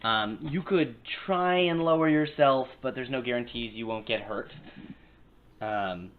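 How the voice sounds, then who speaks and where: A man's voice: mid-range voice, measured pace. Man running a tabletop game over lo-fi audio. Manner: casual, filler-heavy rules talk. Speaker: game master. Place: small crowded room. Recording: phone-like lo-fi sound with faint hiss.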